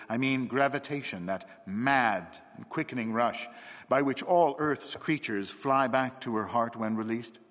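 A man voicing a gentle, perceptive little priest who speaks gravely and calmly. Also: medium pitch, natural voice. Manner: grave, quiet and calm. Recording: long hall reverb.

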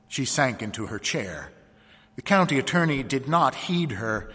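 A man's voice: medium pitch, normal speed, sharp tone, breathy edge. Man reading a story aloud, echoey. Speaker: narrator.

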